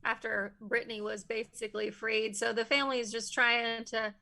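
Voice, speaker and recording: A woman with a high, bright, tense voice joins a casual panel chat. She speaks earnestly, circling back and repeating her phrases as she looks for the right words. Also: little pitch movement, moderate pace, vocal fry. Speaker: panel co-host.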